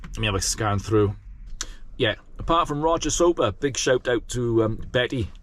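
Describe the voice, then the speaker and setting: Chatty gardener rambling on. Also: male voice, medium pitch, animated, moderate pace. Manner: rambling, chatty, self-deprecating. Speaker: gardening business owner vlogger. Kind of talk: casual vlog Q&A talk.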